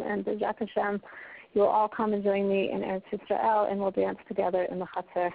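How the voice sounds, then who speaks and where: A Torah teacher with a mid-range, gravelly voice gives a phone class that sounds tinny, speaking a little fast with little pitch movement. She tells stories in an earnest, emphatic way, rising with passion.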